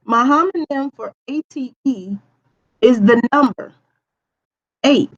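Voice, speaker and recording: A woman's voice: sits high, takes it slowly, muffled recording. A woman teacher walking students through a recorded grammar lesson, patiently checking understanding with frequent okays. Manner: hums to herself while typing on screen.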